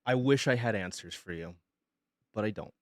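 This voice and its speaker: A male streamer, sick with pneumonia, making an emotional announcement in a halting, hesitant way and holding back tears. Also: lowish voice, animated, a little mellow, no echo, studio quality.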